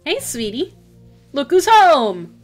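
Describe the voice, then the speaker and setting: A woman voicing a cheerful mom who dotes on her grown child. Her voice is bright and affectionate and sits fairly high. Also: sing-song, slow pace, faint music behind, exaggerated voice. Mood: doting. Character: cheerful, doting mother.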